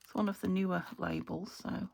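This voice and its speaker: A British woman crafting a journal, talking to herself as she works and often trailing into soft half-whispers. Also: on the low side, fairly even intonation, brisk, vocal fry, background noise. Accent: British English. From United Kingdom. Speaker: craft channel host. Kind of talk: casual crafting commentary.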